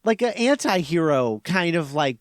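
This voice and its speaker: A man's voice: on the high side, sing-song, normal speed, dry recording, studio quality. A man speaking as a guest on a podcast in casual chat, hesitant and full of restarts. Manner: hesitant, many restarts and fillers.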